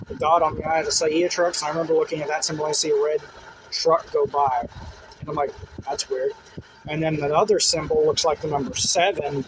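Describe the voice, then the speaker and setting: A man tells a dream in a loose, casual way, with plenty of "like" and "uh" fillers. His voice sits a little high for a man. Steady background noise and passing vehicles run behind him. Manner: rambling, full of "like" and "uh" fillers. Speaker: dream testimony teller. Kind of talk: casual first-person storytelling.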